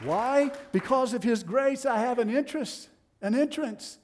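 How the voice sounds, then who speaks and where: A middle-aged man with a Tennessee accent preaching a sermon, swinging between loud declarations and hushed, low passages. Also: measured pace, slight background noise.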